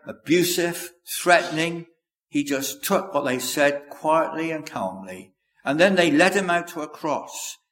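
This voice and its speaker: Man preaching, fairly high voice, earnest and measured, long reverb. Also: fairly bright tone. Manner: measured, earnest, quotes scripture aloud. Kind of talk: sermon. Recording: echoey hall with long reverb.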